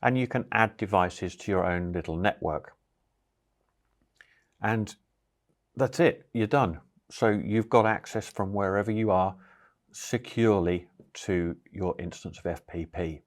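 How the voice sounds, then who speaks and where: A man hosting a tech tutorial, explaining network setup in a relaxed, casual way with some fillers. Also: low voice, unhurried. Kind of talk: casual screen-recorded tutorial.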